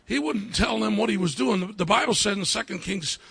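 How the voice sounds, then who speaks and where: A male pastor preaching a sermon, repeating his phrases and building up to fervent shouting. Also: high-pitched, fairly quick, gravelly, breathy edge.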